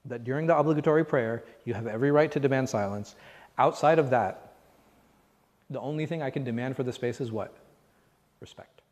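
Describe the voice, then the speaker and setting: A man's voice: mid-range voice, a little fast, a little mellow. A man, an imam, teaching a conversational religious class and often asking the room rhetorical questions. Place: mosque class hall. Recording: reverberant hall.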